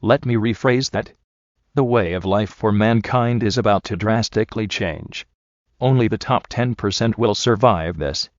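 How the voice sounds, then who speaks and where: A man voicing a smooth, menacing male motivational speaker who talks in a slow, persuasive, coaxing way. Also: fairly low pitch, no room sound, dull audio, lightly acted.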